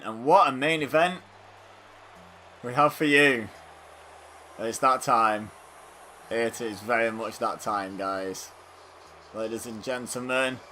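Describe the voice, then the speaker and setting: A man's voice: medium pitch, slow, long pauses, sharp tone, slight background noise. A man casually commentating a wrestling video game, chatty and rambling, joking at his own expense. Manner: chatty, self-deprecating, rambling with fillers. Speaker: gaming YouTuber.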